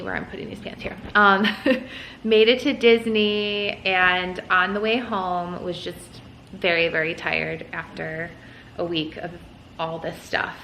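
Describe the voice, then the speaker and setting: A woman's voice: on the low side, pushed and bright, roomy sound, a little hiss or hum, low-quality recording. A young woman vlogger casually telling a story at home while folding laundry, full of "like" and "um". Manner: chatty, lots of "like" and "um". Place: room at home.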